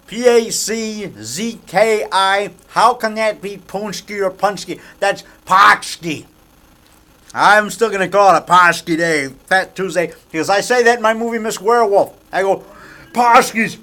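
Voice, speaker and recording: A man's voice: high voice, unhurried, pushed and bright. A man who makes horror movies, rambling in a casual vlog from a small framing shop, promoting himself and repeating himself like a showman. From Chicago area. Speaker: horror movie maker and actor.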